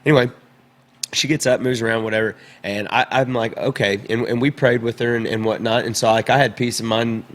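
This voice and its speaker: A man's voice: mid-range voice, steady tone, a little fast, fairly bright tone. Man in his thirties, podcast guest, casual storytelling, mid voice, repeats himself. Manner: rambling, repeats words while telling a story.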